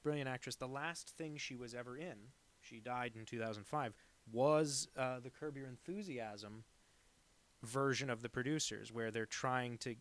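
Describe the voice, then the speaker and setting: This man has a medium-pitched, fairly bright voice as he draws viewers' requests on a live stream. He's a cartoonist who chats casually and digressively, using lots of fillers and often poking fun at himself.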